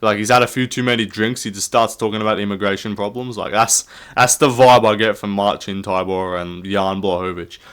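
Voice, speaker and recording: A man's voice: lowish voice, fairly even intonation, a little fast, a bit bright, smooth. A young man, rambling through jokey, sweary sports commentary and laughing at himself. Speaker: YouTube MMA commentator. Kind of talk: casual comedic commentary.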